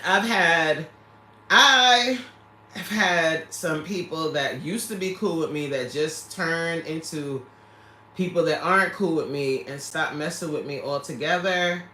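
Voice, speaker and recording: Woman, livestream host, casual chat, laughs often, clear bright tone, roomy echo. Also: low-pitched, a little slow, slight background noise. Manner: animated, laughs often, talks straight to viewers.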